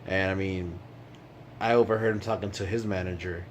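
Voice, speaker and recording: A man with a low, fairly even voice talks at normal speed, with slight background noise. He's a vlogger chatting casually indoors at night during a work trip, rambling and swearing freely.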